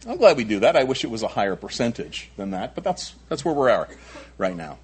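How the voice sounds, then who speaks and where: A man's voice: lowish voice, very animated, a little fast, a little mellow. A male pastor preaching a sermon in an emphatic way, often repeating himself and adding asides.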